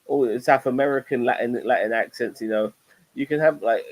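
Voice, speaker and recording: A man's voice: mid-range voice, normal speed, rough recording. A middle-aged man hosting a casual TV review chat show, rambling and swearing freely. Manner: profane, rambling, animated.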